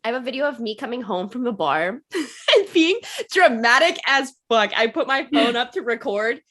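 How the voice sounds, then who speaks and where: A woman's voice: on the high side, expressive, moderate pace, fairly bright tone. A young adult woman hosting a casual podcast, gushing and swearing freely. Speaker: podcast host.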